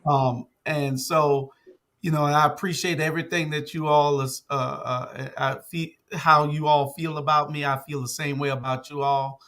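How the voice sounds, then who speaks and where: A man's voice: on the high side, moderate pace. An older man who runs a media network, talking casually on a talk show with many "uh" and "um" fillers. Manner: relaxed, uses many fillers like "uh" and "um".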